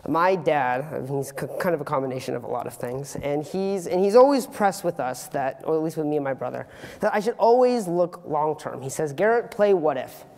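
A teenage boy giving an earnest, animated student talk on stage, with comic asides. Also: fairly high pitch, a little fast, gravelly, long reverb tail. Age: teens. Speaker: student speaker. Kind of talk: youth public talk. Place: auditorium stage.

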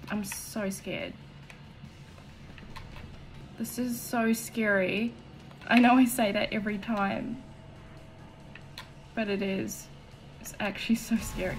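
A woman's voice: mid-range voice, fairly even intonation, slow, pauses often, music in the background. A woman giving nervous horror-game commentary, whispering one moment and shrieking the next. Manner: jumpy, swings from whispers to shrieks. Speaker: gaming streamer.

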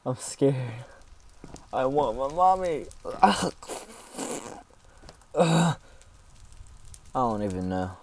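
A man's voice: medium pitch, very animated, extremely slow, pauses often, darkish tone. A man giving let's play commentary, joking around and yelping in mock panic when things go wrong. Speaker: gaming YouTuber.

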